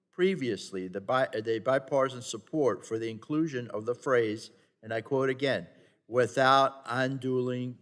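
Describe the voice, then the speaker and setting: An earnest man making a formal statement at a committee markup, pressing his point by repeating himself and sometimes tripping over words. His voice rings out through a large hearing room with a long trailing reverb, at an ordinary middle pitch. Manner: earnest, insistent, with repeated phrases and some stumbles. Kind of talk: formal floor speech.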